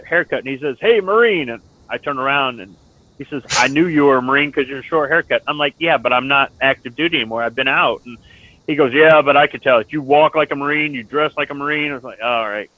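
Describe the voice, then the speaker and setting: A man's voice: medium pitch, no room sound. A middle-aged man, a Marine veteran, telling stories in blunt, profane casual chat. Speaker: Marine veteran chatting in an online lobby. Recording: tinny phone-like voice chat.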